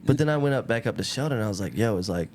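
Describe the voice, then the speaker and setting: Lower-voiced young man, jokey podcast host. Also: very fast. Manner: relaxed, jokey, says "bro" and "dang" often. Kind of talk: casual chat.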